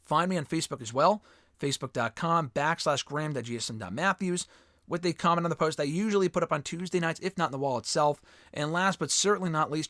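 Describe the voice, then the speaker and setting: A man with a voice on the high side and a fairly bright tone hosts a solo show answering fan questions, and he's losing his voice. His casual mailbag talk is opinionated and rambling, with restarts and the odd swear. The studio-quality recording has no room sound.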